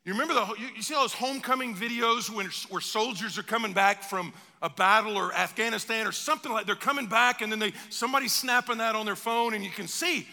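A pastor delivers an animated sermon, slipping into quick acted-out exchanges. His voice sits high for a man, with a gravelly rasp and a sharp, bright tone. It carries a long hall echo. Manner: animated preaching with acted-out dialogue.

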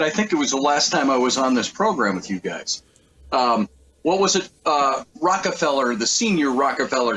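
A man who hosts his own show, talking politics on a panel in a passionate, ranting way and pushing his pitch up hard to make a point. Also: pushed and bright, a little hiss or hum, rough recording. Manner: passionate, ranting, swings pitch up sharply for emphasis. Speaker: political commentator and radio show host. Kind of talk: heated political panel talk.

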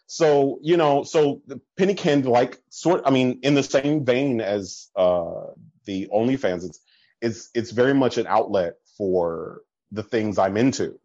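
A man chatting casually as a podcast guest, telling stories full of fillers, laughing often and jumping higher in pitch when he quotes people. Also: breathy edge, dry recording, muffled recording. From American Midwest. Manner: animated storyteller, swings up in pitch when quoting people. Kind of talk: casual chat.

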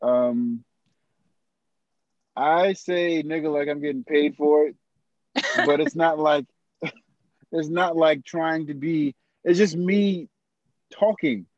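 A man hosting a podcast in a loose, teasing way, nudging his guests along. His voice sits a bit high. The sound is dull and lo-fi, dry with no room echo. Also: slow, pauses often, a little mellow. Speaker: podcast host. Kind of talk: casual podcast chat.

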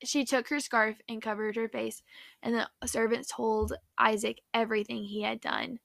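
Bright, excitable young woman. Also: on the high side, moderate pace, vocal fry, no room sound, studio quality. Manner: excitable, chatty, heavy use of "like". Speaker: faith vlogger. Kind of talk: casual Bible storytelling.

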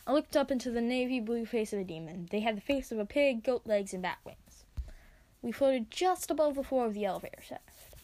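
A woman reading her own story aloud, expressive as she narrates. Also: on the high side, fairly quick. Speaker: reader.

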